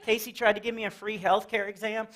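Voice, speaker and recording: With a high, level, slightly bright voice, a Texan man speaks fast while some chatter carries in the background. He's doing a chatty, playful stand-up set for a live church audience in a fellowship hall, full of silly character voices.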